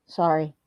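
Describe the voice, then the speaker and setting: A woman's voice: no room sound, dull audio. A woman in her forties talking candidly to camera, teary at times and swearing freely. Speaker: vlogger. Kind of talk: emotional confessional talk to camera.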